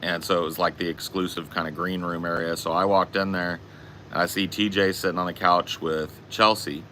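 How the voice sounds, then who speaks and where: Podcast host, low voice, bright tone, cusses freely while telling a story. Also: male voice, a little fast, slight background noise. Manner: swearing, animated anecdote-telling. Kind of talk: casual storytelling chat.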